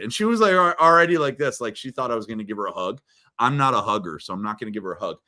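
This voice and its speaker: A guest in a casual interview chat tells a story with real animation, talking very fast in a medium-pitched voice. He repeats words and swings between loud and soft.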